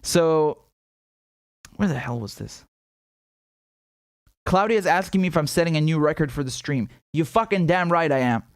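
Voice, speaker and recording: He's a live-stream host with a headache, casually commenting and replying to chat in a blunt, profane, animated manner, restarting a lot and repeating words. His voice sits on the high side, moderately paced with long pauses. The studio sound is clean, with no room noise.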